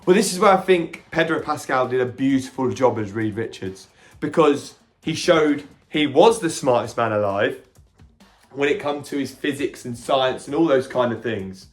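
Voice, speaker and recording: Animated man recapping a film. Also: medium pitch, faint music behind. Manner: animated retelling, slipping into quick voiced quotes of characters; occasional stammering restarts. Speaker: podcast host reviewing a film. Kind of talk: casual film reaction recap.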